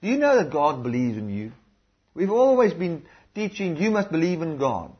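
A man's voice: on the high side, very animated, moderate pace, husky, dull audio. A man preaching a sermon in an earnest, repetitive way, calling out hallelujahs.

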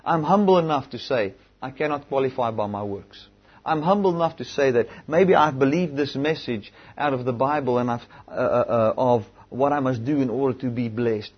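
Husky-voiced man preaching a sermon. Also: medium pitch, moderate pace. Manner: rising to loud, emphatic preaching, then dropping to quiet scripture reading. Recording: dull, lo-fi recording.

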